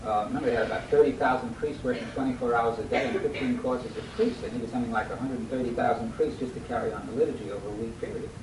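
A man preaches a sermon at a quick pace with hardly any pauses, reading scripture aloud and quizzing listeners to complete the verses. He acts out quoted voices with liveliness, recorded from a distance in an echoey hall with a faint rumble.

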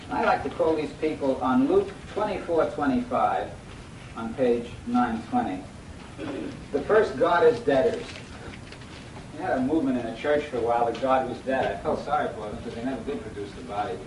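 At normal speed but with long pauses, a man delivers a sermon, reading verses aloud and quizzing listeners to fill in the rest. He animates the quoted voices, heard through a far-off mic in an echoey hall with a slight rumble.

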